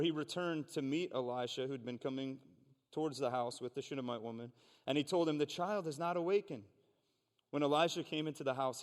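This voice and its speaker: A man delivering a sermon in a church, moving between reading scripture and earnest, conversational asides. His mid-pitched voice carries a long reverb from the hall around him. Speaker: pastor. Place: church sanctuary.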